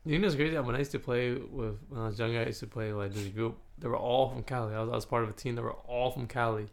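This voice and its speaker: Young American man, gravelly voice, relaxed storyteller, easy laugh. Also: medium pitch, fast talker. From United States. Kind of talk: casual chat.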